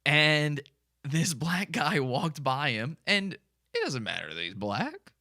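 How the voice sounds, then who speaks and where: A man's voice: on the high side, sing-song, takes it slowly, pushed and bright, no echo, clean studio sound. A man hosting a live stream, commenting casually and animatedly, often laughing between lines.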